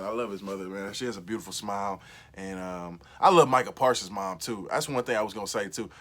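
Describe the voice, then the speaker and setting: A man hosting a solo football recap, casual and animated, with lots of fillers and repeated phrases. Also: fairly low pitch. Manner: animated, talks loosely with many fillers and repeats. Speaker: sports podcast host.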